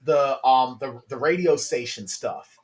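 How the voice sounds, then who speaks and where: A man hosting a casual TV reaction talk, lively and often laughing as he retells scenes. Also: measured pace. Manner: animated, quotes scenes in low voices, laughs often. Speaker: podcast host.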